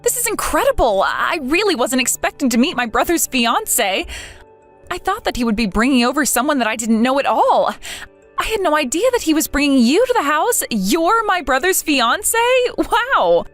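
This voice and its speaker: A woman's voice: high voice, very animated, a little fast, soft background music. A synthetic woman's voice speaking as a hurt young woman in a text-message story, asking earnest, pleading questions. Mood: shocked.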